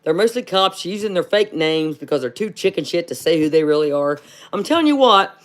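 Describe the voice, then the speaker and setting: A woman's voice: fairly low pitch, animated, moderate pace. Blunt woman. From southern Ohio. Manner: blunt, calls everyone honey, many filler uhs. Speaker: livestream host. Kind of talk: casual livestream, reading viewer comments.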